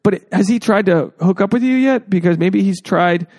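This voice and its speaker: A man's voice: high voice, moderate pace, darkish tone, no room sound. A man hosting a casual podcast, joking freely and acting out quotes in exaggerated voices. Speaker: podcast host.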